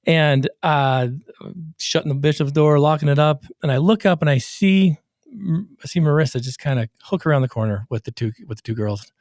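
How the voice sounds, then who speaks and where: A middle-aged man hosting a casual podcast interview, an animated storyteller who acts out the voices in his anecdotes. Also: fairly high pitch, moderate pace, dry recording, studio quality. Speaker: podcast host and recovery coach.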